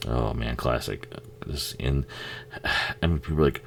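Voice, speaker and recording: A man with an extremely deep, gravelly voice talks along with a movie he is watching. He swears freely, laughs and cracks crude jokes at the screen. A faint hum sits under the recording. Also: normal speed. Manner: profane, laughing, jokey, talks back to the screen. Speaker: film commentary host. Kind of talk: casual movie commentary.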